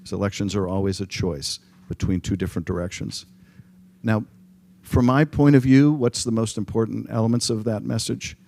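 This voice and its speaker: A middle-aged congressman answering an audience question at a panel, speaking in a measured way with frequent ums and restarts. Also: lowish voice, vocal fry, warm tone. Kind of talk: public panel talk. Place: conference room.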